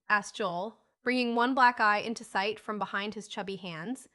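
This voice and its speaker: A woman narrating a classic children's novel as an audiobook, reading in a lively, expressive way. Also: mid-range voice, moderate pace, few pauses.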